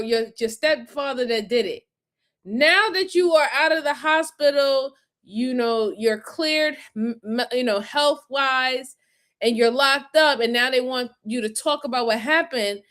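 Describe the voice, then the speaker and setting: A woman with a New York accent, co-hosting a casual reaction commentary in an animated way, often repeating her words. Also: sits high. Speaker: co-host.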